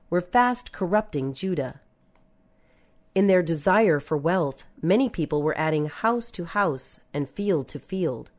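A woman reading a religious text aloud in a measured way, dropping her voice for the scripture references. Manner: measured, reads scripture references in a lower, softer voice. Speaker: reader. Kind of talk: scripted narration of a religious book.

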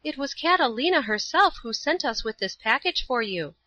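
A woman voicing an earnest young girl who speaks high and eagerly in a storybook reading. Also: very animated, normal speed, bright, forceful tone, no room sound, dull audio, exaggerated voice.

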